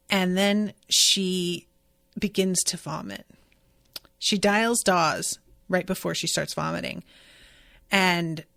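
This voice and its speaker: A woman's voice: lowish voice, vocal fry, fairly bright tone, dry recording, clean studio sound. A young woman hosting a book podcast, chatting casually, reading passages aloud and reacting with emphatic swearing. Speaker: podcast host.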